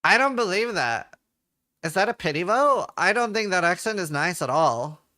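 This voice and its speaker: A man from Norway chats loosely through a live stream, answering his chat aloud. His voice sits a bit high and rings bright and forceful, with casual swearing. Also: big pitch swings, normal speed. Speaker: game streamer.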